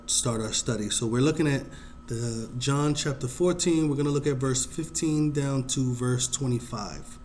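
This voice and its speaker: Man, Bible study teacher, casual unhurried teaching, verses read aloud, mid-range voice. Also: medium pitch, a little mellow, slight background noise. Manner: casual and unhurried, with frequent ums and uhs, reading verses aloud.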